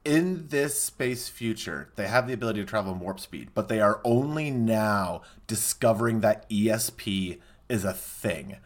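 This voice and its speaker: A woman's voice: very deep voice, normal speed, few pauses. A woman co-hosting a podcast, chatting casually and joking while she discusses an episode. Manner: animated, joking, swears casually. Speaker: podcast co-host. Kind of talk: casual chat recapping a TV episode.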